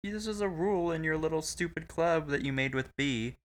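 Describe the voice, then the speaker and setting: Young guy ranting crude and sarcastic about a movie, laughs a lot, bright voice. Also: a little high, brisk. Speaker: podcast co-host. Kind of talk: casual movie review chat.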